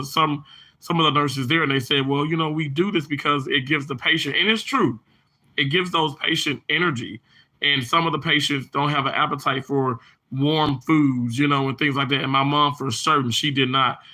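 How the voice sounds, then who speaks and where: A man's voice: medium pitch, pushed and bright. A man hosting a casual livestream, talking in long rambling stretches and greeting viewers by name as he reads their comments. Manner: rambling and chatty, with many restarts and fillers. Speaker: livestream host reading chat. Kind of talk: casual live chat.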